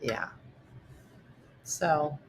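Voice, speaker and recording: A woman's voice: drawn-out words, slight background noise. A middle-aged woman hosting a casual livestream chat, talking about her home and reading out viewer comments. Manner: chatty, reads viewer comments aloud. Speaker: host.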